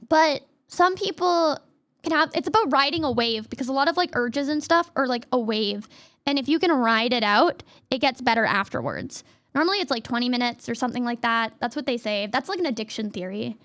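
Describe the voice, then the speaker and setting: High-voiced young woman streamer, rambly. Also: animated, fairly quick, a bit bright. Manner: rambling, filler-heavy, lots of "like" and restarts; reads chat and thanks viewers in a high squeal. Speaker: VTuber streamer. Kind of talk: casual livestream lesson on cognitive distortions.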